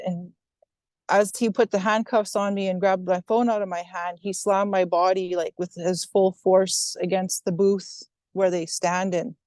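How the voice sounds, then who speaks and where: A woman recounting a personal incident at length, retelling what was said in a steady, even way. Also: medium pitch, no echo. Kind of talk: first-person account.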